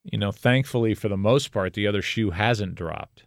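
A man's voice: on the low side, normal speed, gravelly, no room sound, clean studio sound. A middle-aged man, a guest in an interview, telling a personal story in a reflective, candid and wry way.

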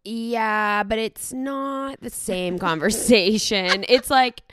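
A woman's voice: medium pitch, slow, hardly any pauses, fairly bright tone, clean tone, dry recording. A young adult woman co-hosting a podcast, telling stories in a chatty way, laughing often and acting out quotes. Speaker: podcast co-host. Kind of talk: casual chat.

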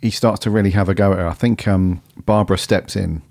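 A man with a very deep voice chats casually as a podcast co-host. He is easygoing and hesitant, full of ums, and sounds close and dry with no room around him. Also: fairly even intonation, quick pace, creaky, darkish tone, no room sound.

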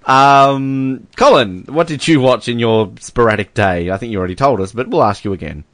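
A man's voice: mid-range voice, normal speed, a bit bright, no echo. A man co-hosting a casual sports podcast, rambling and joking with many fillers. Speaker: podcast co-host.

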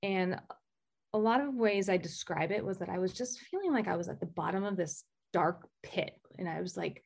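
A woman telling a candid personal story, halting and restarting often with fillers. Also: on the low side, lively intonation, vocal fry, darkish tone. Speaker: guest sharing recovery story.

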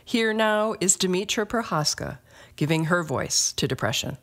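A woman co-hosting a podcast, giving a measured, earnest scripted introduction. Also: lowish voice, animated, fairly bright tone. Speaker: podcast co-host.

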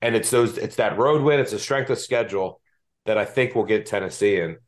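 A man's voice: fairly low pitch, a little fast. A man with a Delco accent hosting a casual sports betting podcast, chatty and self-deprecating. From Delaware County, Pennsylvania. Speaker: podcast host.

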